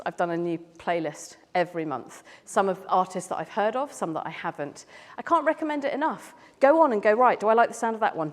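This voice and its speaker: A British woman, a clown and speaker, chatting playfully with a live audience as she answers their questions. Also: mid-range voice. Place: large hall at a live event. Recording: long hall reverb.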